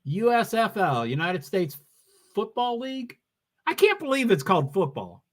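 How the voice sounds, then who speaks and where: A man's voice: high-pitched, wildly swooping pitch, normal speed. A man with a New England accent hosting a casual livestream, rambling as he reads viewer comments and racing news aloud. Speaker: livestream host.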